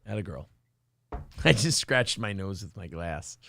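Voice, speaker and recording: A man's voice: deep voice, expressive, measured pace, creaky, pushed and bright. A tipsy man hosting a livestream, reading out donations with crude, profane jokes. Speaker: livestream host. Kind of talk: casual chat reading donations.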